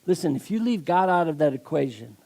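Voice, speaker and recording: Man preaching, gravelly and fairly high, slips into voices for his stories. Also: big pitch swings, fairly quick, dark tone. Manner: storytelling with acted voices, emphatic. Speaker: guest preacher. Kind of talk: sermon.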